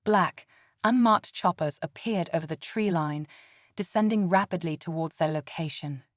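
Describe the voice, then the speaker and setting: Woman narrating a sci-fi story in a low voice. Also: normal speed, no echo, studio quality.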